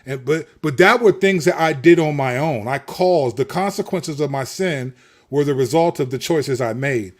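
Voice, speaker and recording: A middle-aged man with a voice pitched a little above the usual, telling a long personal story as host of his own show. He speaks with animated street slang and a preacher's rhythm, often doubling back on his words. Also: normal speed.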